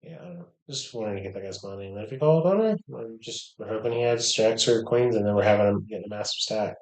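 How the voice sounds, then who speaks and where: A man casually commenting on his own online poker game, thinking aloud with many hesitations and low mutters. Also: fast, a little mellow, roomy sound. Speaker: poker streamer.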